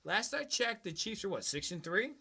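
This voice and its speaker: High-voiced, sharp-toned ranting man. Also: sing-song, normal speed, creaky, breathy edge. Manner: profane, heated, mocking. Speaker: podcast host. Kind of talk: casual sports podcast rant.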